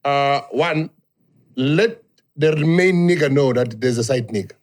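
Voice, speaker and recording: A man's voice: mid-range voice, unhurried. A South African man co-hosting a podcast, bantering playfully and jokingly mixing English and Zulu. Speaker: podcast co-host. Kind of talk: casual banter.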